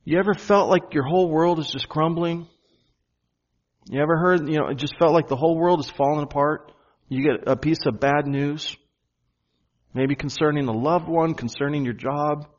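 Guy preaching a sermon in church, earnest, slows down on the big lines, kinda muffled lo-fi sound. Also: a little high. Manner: earnest preaching, slows and stresses key phrases. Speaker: pastor.

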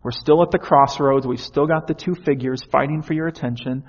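A man's voice: medium pitch, brisk, muffled recording. A man preaching a sermon in an earnest way, often asking the listeners questions.

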